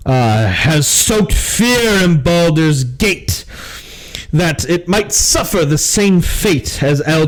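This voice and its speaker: A man voicing a gruff, harried male guard captain who talks formally and gets flustered. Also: a little high, poor audio.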